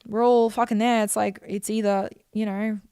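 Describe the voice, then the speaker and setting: A woman's voice: mid-range voice, flat delivery, dark tone, smooth, no echo, studio quality. A young woman telling a raw personal story, emotional and full of swearing. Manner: rapid, emotional, swears often.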